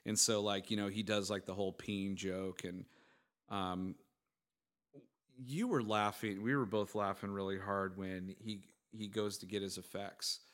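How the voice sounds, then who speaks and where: A young man co-hosting a podcast, chatting casually and excitedly, often laughing and acting out movie lines. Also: lowish voice, measured pace. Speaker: podcast co-host. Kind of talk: casual chat.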